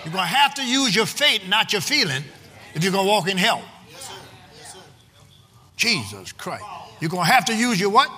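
High, bright-voiced shouting preacher. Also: male voice, very animated, moderate pace, long pauses. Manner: shouting, rhythmic call-and-response preaching. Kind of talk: sermon. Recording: long hall reverb.

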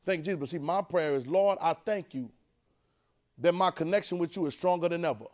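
A man preaching a sermon, urging the congregation to repeat lines after him and swinging between quiet, drawn-out talk and loud bursts. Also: on the high side.

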